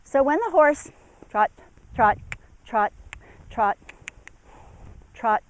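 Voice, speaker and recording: A woman's voice: on the high side, expressive, drawn-out words, muffled recording, slight background noise. Woman trainer calling commands to a horse. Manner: calls out commands to a horse between explanations. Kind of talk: outdoor instructional demonstration. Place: outdoor arena.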